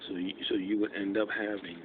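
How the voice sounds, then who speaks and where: A man speaks in a hushed, muted voice that sits on the low side. He rambles through a monologue, thinking aloud and filling pauses with fillers. The audio is tinny and phone-like, with a faint hiss underneath. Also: level tone. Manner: deliberately muted, hushed delivery.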